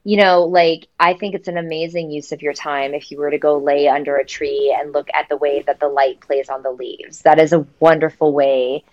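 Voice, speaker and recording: A woman's voice: low-pitched, flat delivery, moderate pace, few pauses, darkish tone, highs cut off. A woman author talking earnestly in a podcast interview, with lots of "you know" and "um" fillers. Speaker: author guest. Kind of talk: reflective podcast conversation.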